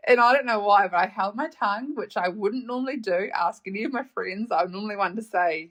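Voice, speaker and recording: A young woman with a New Zealand accent tells a story on her podcast. She talks in a loose, chatty way, laughs often and swears freely. Her voice sits at a middle pitch. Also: normal speed, hardly any pauses, a bit bright. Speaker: podcast host. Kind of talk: casual storytelling monologue.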